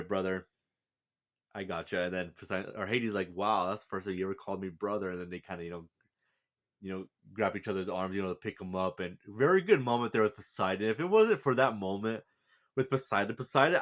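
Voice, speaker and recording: A man's voice: on the low side, fairly bright tone. A man casually recapping a story and reviewing a character, rambling with lots of fillers and restarts. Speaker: anime reviewer.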